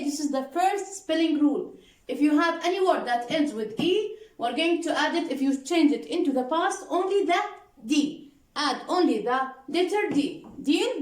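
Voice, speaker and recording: A woman teacher walks students through grammar rules in a patient, repetitive way, often pausing to ask if they follow. Her voice sits high. The sound carries an echoey room around it. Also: darkish tone. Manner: patient, repeats points and checks understanding with "okay?" and "deal?"; spells out letters one by one and restates rules slowly.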